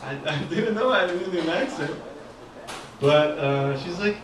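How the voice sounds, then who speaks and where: A man's voice: fairly high pitch, moderate pace. A man doing a stand-up comedy set at an open mic, chatty and self-deprecating, with lots of uhs and ums. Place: art gallery open mic night. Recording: echoey room recorded from far off, noisy. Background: audience ambience and laughter.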